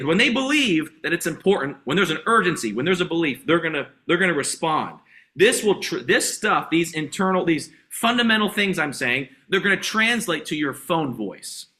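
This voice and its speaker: A man leads a motivational sales training over a video call. His voice is bright and forceful and sits a little high for a man. He talks with high energy and keeps stacking short repeated commands. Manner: energetic, hyped, repetitive exhortations. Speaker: sales coach.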